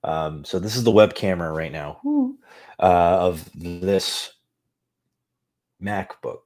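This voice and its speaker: A man's voice: low-pitched, slow, darkish tone. A man hosting his own podcast, rambling casually and swearing now and then as he talks into a desk microphone. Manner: rambling, profane, self-deprecating. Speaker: podcast host. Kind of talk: casual stream-of-consciousness talk. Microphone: desk USB mic on boom arm.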